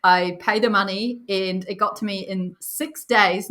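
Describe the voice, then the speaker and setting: A woman's voice: mid-range voice, steady tone, a little slow, fairly bright tone. A woman, a guest in a casual interview, chatty, laughing easily and talking with many fillers. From New Zealand. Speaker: guest, developer experience lead.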